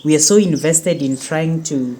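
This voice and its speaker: Parent, low voice, firm earnest explaining, casual chat. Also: female voice, normal speed, warm tone, slight background noise. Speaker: parent co-hosting a family channel.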